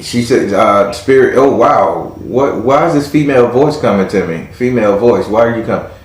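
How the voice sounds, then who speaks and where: A man's voice: fairly low pitch, animated, moderate pace, reverberant. A man hosting a live tarot reading with a caller, talking in a playful, teasing way with casual slang. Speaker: tarot reader and host.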